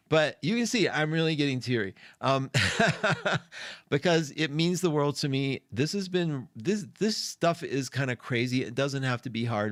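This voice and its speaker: A man's voice: mid-range voice, no echo, studio quality. A middle-aged man hosting an astrology live stream from an indoor room, chatty and effusive as he greets viewers by name. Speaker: astrology show host. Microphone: studio mic.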